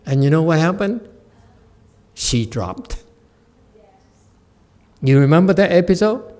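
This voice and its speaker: A man, a Buddhist master, giving a Dharma lecture as an animated, joking storyteller who acts out the people in his story. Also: fairly high pitch, slow pace, background noise. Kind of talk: sermon.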